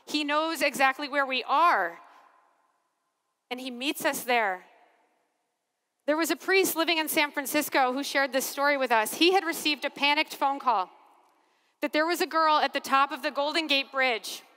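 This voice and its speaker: Nun telling stories to a big arena, high bright voice, long hall echo, lots of laughs and acted-out quotes. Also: female voice, normal speed. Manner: expressive, acts out quotes, laughs often. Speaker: religious sister giving a keynote. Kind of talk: animated storytelling talk. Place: large convention arena.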